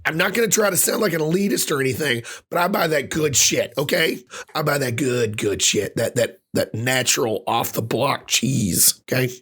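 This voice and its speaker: A man with a husky, rough-edged voice rants his way through a casual podcast chat. He swears freely and gets worked up, his speaking pitch sitting in an ordinary middle range. The roughness comes from a voice still recovering. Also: normal speed. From Ireland. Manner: animated ranting with frequent swearing. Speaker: podcast co-host.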